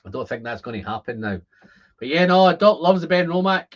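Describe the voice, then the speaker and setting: A Scottish man in his fifties hosting a casual whisky livestream, chatting to viewers and rambling as he thinks out loud. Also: fairly high pitch, animated, fairly quick. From Scotland. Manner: chatty, rambling, repeats words when thinking. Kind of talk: casual livestream chat reading comments. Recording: dull lo-fi stream audio.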